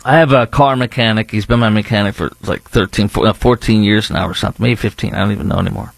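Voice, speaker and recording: A man with a low, Texan-accented voice talks through casual commentary, often stopping and restarting his sentences. The sound is close and dry, with no room around it. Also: fairly even intonation, fast, creaky, dry recording. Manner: rambling, with many restarts and fillers. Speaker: show host.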